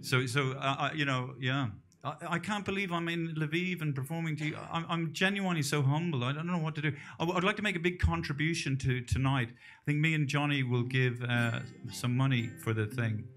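A man's voice: on the high side, fairly quick, fairly bright tone, faint music behind. A middle-aged Irish man doing a crude, rambling, self-deprecating stand-up set on a club stage. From Ireland. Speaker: stand-up comedian. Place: comedy club stage, live audience. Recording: noisy live club recording.

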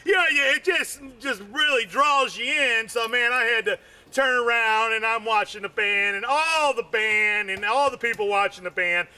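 A man telling loose, rambling stand-up jokes, adding "man" to nearly every line and breaking into shouts on the punchlines. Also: very high-pitched, normal speed. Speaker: amateur comedian.

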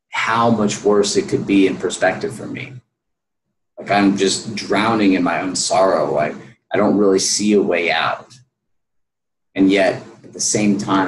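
A man with a very low voice tells his own story slowly and earnestly, with many fillers. He is recorded in an echoey room with faint noise behind him. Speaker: guest. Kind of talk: personal story in an interview.

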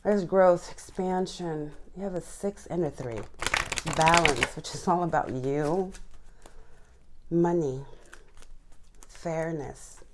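A woman talks her viewers through a tarot spread in a loose, chatty way. Her voice sits a little low for a woman. She gushes with excitement, repeats herself and breaks into sighs and small laughs. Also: slow, long pauses. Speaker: tarot reader. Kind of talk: casual tarot reading to camera.

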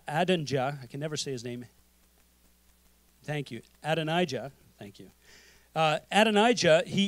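A man's voice: a little high, no echo. A male pastor preaching a sermon, retelling Bible stories in a casual, conversational way with frequent asides to the congregation. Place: church.

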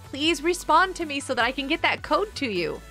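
A woman's voice: sits high, big pitch swings, a little fast, pushed and bright, faint music behind. A woman hosting her own game server on a live stream, chatting casually with viewers, bubbly and giggly, reading their messages aloud.

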